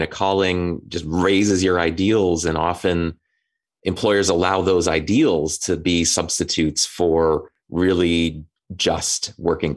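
A middle-aged man, an author and religion scholar, giving thoughtful, measured answers as a podcast guest. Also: low voice. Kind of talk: conversational interview.

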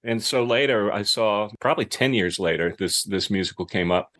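A man's voice: lowish voice, moderate pace, background noise. A man from Richmond, Virginia, guesting as an actor and telling chatty stories in a casual interview. He laughs easily and restarts his sentences as he rambles.

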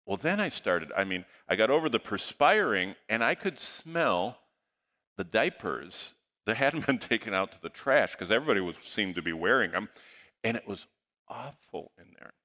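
Middle-aged male pastor, sermon storyteller, low pitch, forceful tone. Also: moderate pace. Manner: animated anecdote, quotes dialogue in lively voices.

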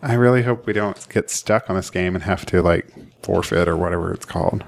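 A man's voice: low-pitched, a little fast, creaky. A man co-hosting a casual podcast, bantering and teasing his partner while they play cards. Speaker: podcast co-host.

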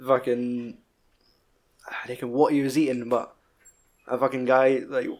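A man with a Scottish accent chatting casually as a podcast co-host, telling a film's story in an animated, heavily sweary way. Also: mid-range voice, a little slow. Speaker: podcast co-host reviewing a film. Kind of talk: casual chat.

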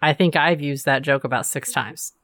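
A woman's voice: low-pitched, moderate pace, a bit bright, no echo, studio quality. A woman co-hosting a podcast, chatting casually with self-deprecating asides and questions. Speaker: podcast co-host. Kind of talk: casual chat.

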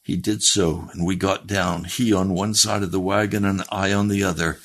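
Low-voiced preacher telling a story. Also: male voice, fairly even intonation, moderate pace, few pauses. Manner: emphatic storytelling with direct challenges. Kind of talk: sermon with a retold first-person story.

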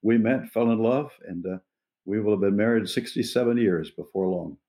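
A man in his eighties, an evangelist being interviewed, telling personal stories in an earnest, unhurried way and pausing to find his words. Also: fairly low pitch, mellow. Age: 80s. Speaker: evangelist guest. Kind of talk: reflective personal storytelling.

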